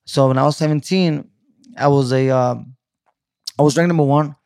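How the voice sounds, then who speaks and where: A man's voice: mid-range voice, fairly even intonation, moderate pace, darkish tone. A man in his thirties from California, a guest telling his story casually in an interview, rambling with many restarts and fillers.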